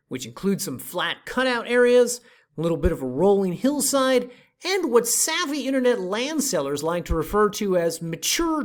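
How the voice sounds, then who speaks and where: A woman hosting a land sales video, reading a scripted promotional voice-over in a playful, jokey, emphatic way. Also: medium pitch. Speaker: land sales company host.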